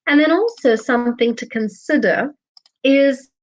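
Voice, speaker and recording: A woman's voice: sits high, measured pace, low-quality recording. A woman training teachers in a webinar, explaining points earnestly and stressing key words. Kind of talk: webinar presentation. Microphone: webinar microphone.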